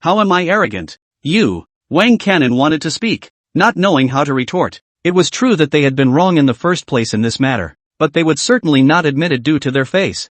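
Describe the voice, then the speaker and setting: A man reads out a comic recap as scripted narration, briskly telling the story. His voice sits a little high and rises and falls a great deal. The recording is close and dry. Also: expressive, no echo.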